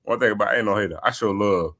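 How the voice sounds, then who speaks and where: A man's voice: lowish voice, rapid-fire, a bit bright, no echo. A man guesting on a live sports chat, talking in an emphatic, slangy way about putting in the work. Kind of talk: casual live-stream chat.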